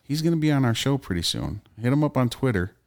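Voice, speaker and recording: A man's voice: medium pitch, very animated, fast, gravelly. A man co-hosting a casual podcast, talking in a loose, opinionated and profane way. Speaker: podcast co-host.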